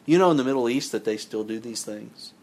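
A man preaching a sermon in a voice of ordinary pitch. He reads passages aloud, then turns to his listeners with conversational comments and questions. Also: a little fast, darkish tone. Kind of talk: sermon with scripture reading.

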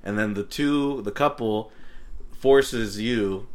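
A man's voice: on the low side, slow pace. An American man chatting casually on a podcast, slangy and laid-back, often laughing. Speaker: podcast co-host. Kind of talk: casual chat.

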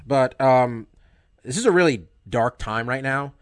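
A man's voice: mid-range voice, a little slow. A man hosting a podcast, speaking emphatically with frequent swearing and many false starts. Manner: emphatic, profane, with many restarts. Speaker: podcast host. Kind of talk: heated podcast monologue.

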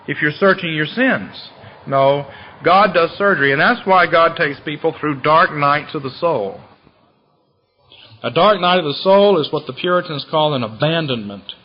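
A husky man preaches a sermon, reading scripture with swelling intensity and then dropping back to easy, conversational asides. His voice sits a little high for a man. The recording is dull and lo-fi.

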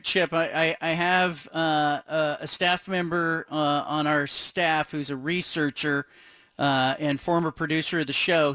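Bright, dry-sounding male radio host. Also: a little high, no room sound. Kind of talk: casual radio talk.

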